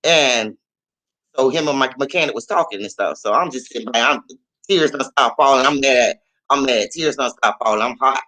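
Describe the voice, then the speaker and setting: A man with a bright, forceful voice tells a story in a loose, casual way. He swears freely and acts out every quoted line with sudden jumps in pitch. His middle-range voice keeps the telling lively. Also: normal speed, slight background noise, poor audio. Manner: animated and profane, acting out quotes with big pitch jumps. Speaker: host.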